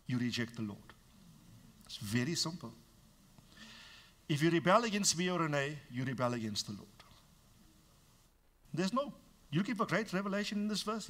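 A man preaching a sermon with a bright, sharp tone and a voice pitched a little above most men. He talks frankly to his congregation and teases them now and then. He drops into low asides, then climbs to loud, emphatic lines. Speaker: pastor.

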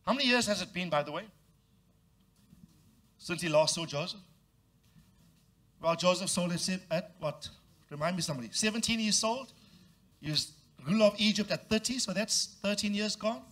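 A man's voice: normal speed, long pauses, fairly bright tone. A man preaching a sermon, leading his congregation to repeat phrases and acting out the voices of the people in the story. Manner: acts out quoted voices with big jumps in pitch. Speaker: pastor.

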